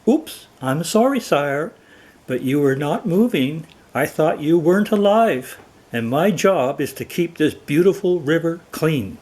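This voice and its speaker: A man's voice: fairly high pitch, animated, a little slow, a little mellow, voice pushed up. A man voicing a sly, overly polite male crocodile in a cartoon folktale. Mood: fawning.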